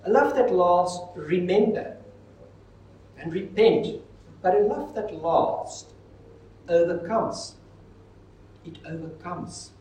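Preacher in an echoey church. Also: male voice, fairly high pitch, darkish tone, slight background noise. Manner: emphatic preaching with dramatic pauses and swells. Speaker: pastor. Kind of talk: sermon. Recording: echoey hall, mic far off.

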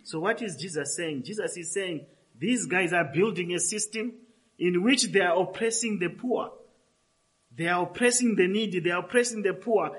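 Man, preacher, sermon, slightly high voice, emphatic, repeats phrases. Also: moderate pace, a bit bright, low-quality recording.

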